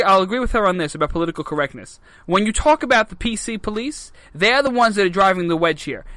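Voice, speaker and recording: A man hosting a talk show, delivering energetic, punchy commentary to listeners. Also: high voice, no echo. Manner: energetic, punchy host patter. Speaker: show host.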